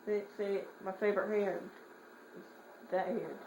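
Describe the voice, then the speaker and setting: A woman giving horror game commentary, swearing in rapid repeated bursts and joking while muttering quietly between outbursts. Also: mid-range voice, fairly even intonation. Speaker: gamer. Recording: roomy echo, faint hiss.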